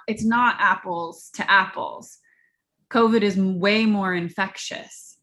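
A woman's voice: mid-range voice, fairly bright tone. Candid woman narrating her own story. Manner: candid, conversational, peppered with "like". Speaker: podcast host and narrator.

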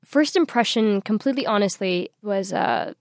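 A woman's voice: mid-range voice, animated, moderate pace, no room sound, clean studio sound. A woman in her twenties, a radio guest telling a story in a bubbly manner, laughing often. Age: 20s. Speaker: interview guest. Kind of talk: storytelling interview.

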